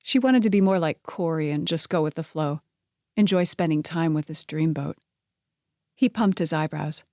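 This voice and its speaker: A woman reading a romance novel aloud, narrating in a steady, measured way. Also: low voice, no echo, studio quality. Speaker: audiobook narrator.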